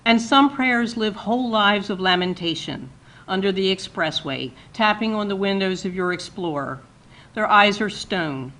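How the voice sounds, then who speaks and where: Woman reading her poem at a launch party, measured rhythm, voice sinks at line ends, mid pitch. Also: a bit bright, rough recording. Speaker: poet reading her work. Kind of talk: poetry reading.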